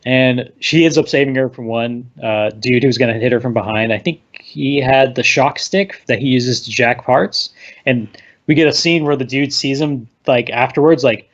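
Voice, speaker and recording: A man hosting a casual movie discussion, retelling scenes in an animated way with lots of "like". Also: mid-range voice, normal speed, dull audio. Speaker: podcast host.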